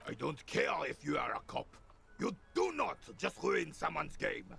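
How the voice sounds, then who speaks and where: An actor playing an irate old man who shouts indignant insults about his ruined game. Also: on the high side, wildly swooping pitch, normal speed, gravelly, slight background noise, exaggerated voice. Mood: furious.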